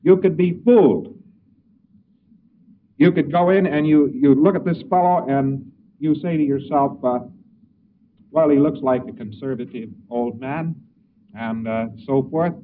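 A man's voice: fairly high pitch, measured pace, long pauses. Man lecturing on a tinny old recording. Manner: folksy, anecdotal, acts out both sides of dialogues. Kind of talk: informal lecture to an audience. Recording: tinny lo-fi archival lecture recording, distant mic, faint hiss.

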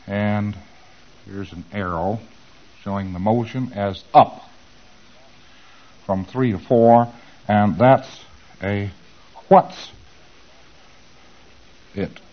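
A man's voice: lowish voice, extremely slow, long pauses, lo-fi sound. A man giving an informal lecture, animatedly acting out both sides of the dialogues he describes.

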